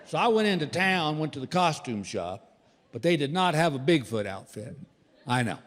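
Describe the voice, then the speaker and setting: On a large theater stage, a man with a fairly high, sing-song, fairly bright voice does stand-up at a moderate pace. He chuckles through a folksy story, recorded live with theater reverb and audience noise.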